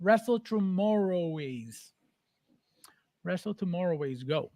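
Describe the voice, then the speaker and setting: A man with a high, animated, slightly mellow voice speaks slowly in a dry recording. Hosting a livestream, he reads viewer comments aloud and answers them defiantly, repeating phrases and talking back to chat.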